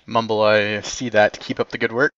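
Low-ish guy barking quick game orders, dull lo-fi mic, dry sound. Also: flat delivery, fairly bright tone, dry recording. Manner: giving brisk radio-style orders. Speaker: commander in an online game. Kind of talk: game voice comms.

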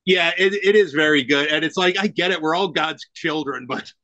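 A man's voice: fairly high pitch, normal speed, dry recording, dull audio. A middle-aged man chatting as a podcast guest, animatedly acting out the lines of people in his stories. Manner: animated storyteller who acts out quoted lines. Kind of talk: casual conversation.

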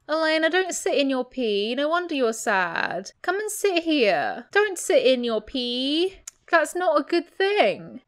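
A young woman giving excitable, giggly commentary as she plays a life-sim game and talks to its characters. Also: high-pitched. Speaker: gaming channel host.

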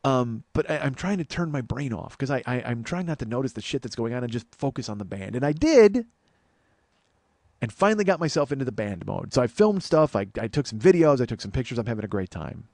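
Fast-talking profane man telling a story. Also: medium pitch, dry recording, clean studio sound. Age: 40s. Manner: profane, exasperated, animated retelling. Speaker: comedy podcast host. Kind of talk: storytelling monologue.

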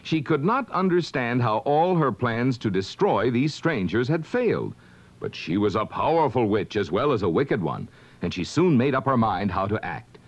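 A man narrates a classic children's book with dramatic flair, his medium-pitched voice very animated at a normal speed. The scripted reading comes from a vintage record with a dull, lo-fi sound and hiss.

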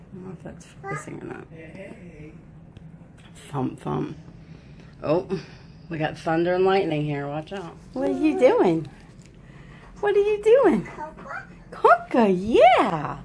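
A woman's voice: fairly low pitch, sing-song, takes it slowly, long pauses, noisy background. A woman filming her dog and toddler at home, laughing often and talking to them in a sing-song voice. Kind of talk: casual home video chatter.

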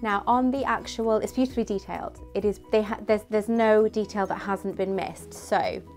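A woman's voice: mid-range voice, fairly even intonation, moderate pace, a little mellow, soft background music. Giggly woman gushing over a prop. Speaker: vlogger reviewing a prop replica. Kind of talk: casual product review chat.

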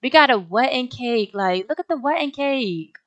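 A woman's voice: a little high, lively intonation, normal speed, a bit bright, dry recording, muffled recording. A young woman casually commenting on her game as she plays, chatty and slangy, often talking straight to her viewers. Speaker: gaming video host.

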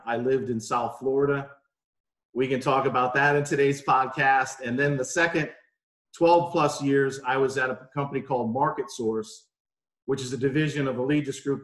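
A man's voice: medium pitch, a bit bright, echoey room. A man in his forties, a podcast guest from New York, telling stories in a chatty, anecdotal way from his home. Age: 40s. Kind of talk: casual interview chat. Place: home room.

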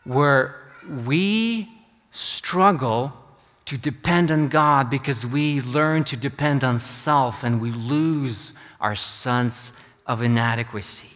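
A middle-aged man preaching a sermon as pastor, earnest and halting, often repeating his words. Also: mid-range voice, a bit bright. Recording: long reverb of a church hall.

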